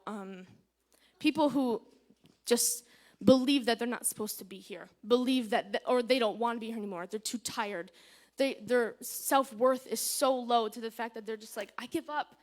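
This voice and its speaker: A woman giving a personal church testimony, chatty and candid, retelling events with lots of "I was like" and nervous fillers. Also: a little high. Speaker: testimony speaker.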